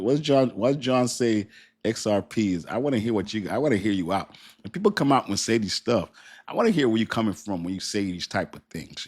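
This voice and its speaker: A young man with a voice on the low side hosts a casual crypto livestream. He reads viewer comments aloud in a lively, colloquial way and laughs often.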